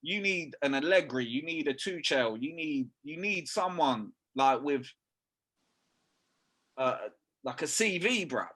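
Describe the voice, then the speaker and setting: A man's voice: on the high side, animated, measured pace, fairly bright tone, husky. A young man, talking football in a casual podcast chat, full of slang and swearing. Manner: slangy, swearing, keeps saying "bruv". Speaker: podcast co-host.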